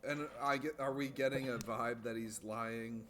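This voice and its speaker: A man playing a tabletop game, joking and bantering, sometimes in a hushed voice. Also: mid-range voice, steady tone, normal speed, faint music behind. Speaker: player.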